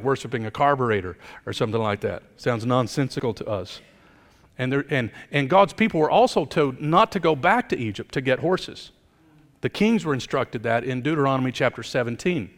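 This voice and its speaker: Male pastor, middle-aged, emphatic sermon delivery, mid pitch, reverberant sanctuary. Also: a bit bright. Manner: emphatic preaching, building up and then dropping low. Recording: long hall reverb.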